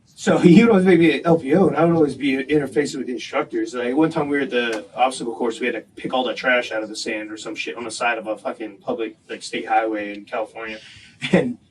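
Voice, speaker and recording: A man's voice: medium pitch, steady tone, fast, distant mic, slight background noise, rough recording. A man co-hosting a podcast, telling casual, profane stories about his military training, laughing often and acting out the voices of the people in them. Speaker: podcast co-host, former Navy SEAL. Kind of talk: casual storytelling chat.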